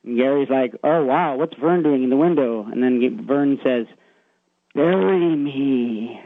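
A man phones in to a radio show and earnestly retells a story he heard secondhand, his speech full of fillers. His mid-range voice stays steady at a moderate pace, with no echo, though the phone line sounds tinny.

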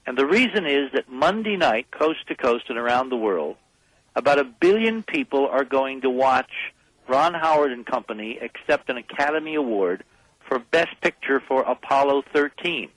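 A man talks as a guest on a radio call-in show, pressing his points with urgent emphasis. His voice sits at an ordinary pitch and comes through a dry broadcast sound with no room echo. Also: expressive, normal speed, a bit bright. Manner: emphatic, urgent, rallying the audience.

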